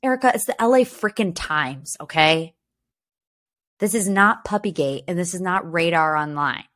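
A woman's voice: on the low side, animated, moderate pace, a bit bright. A woman hosting a podcast in casual pop-culture commentary, sarcastic and opinionated, firing off rhetorical questions and peppering her talk with "you know" and "like.". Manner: chatty, frequent "you know" and "like". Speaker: podcast host.

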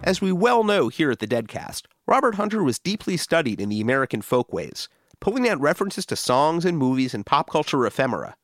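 A man hosting a music history podcast, reading scripted documentary narration in a measured, informative way. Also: a little high, big pitch swings, a bit bright, no echo, studio quality.

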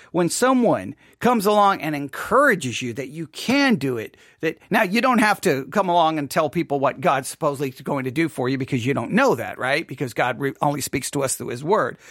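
A man, a pastor, hosting a podcast and commenting on a sermon in an animated, emphatic way, repeating words for effect. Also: fairly high pitch, dry recording, clean studio sound.

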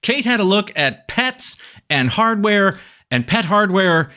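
A male podcast host with a bright, forward tone and a very lively, swooping delivery. He keeps things playful and jokey as he steers a casual chat. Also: high voice, slow. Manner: upbeat, jokey, playful emcee patter.

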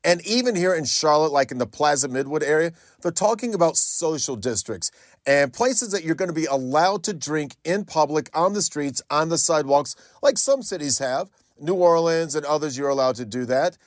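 A man's voice: fairly high pitch, expressive, normal speed, no echo, studio quality. A man from North Carolina hosting a talk radio show, speaking in a conversational, opinionated way with frequent repeats and restarts. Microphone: studio microphone.

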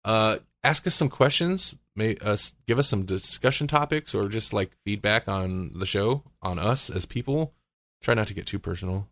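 A man hosts a casual podcast chat, rambling with lots of fillers and laughing often. His voice is fairly low in pitch yet fairly bright, with lively intonation at a moderate pace, captured as a dry, studio-quality recording.

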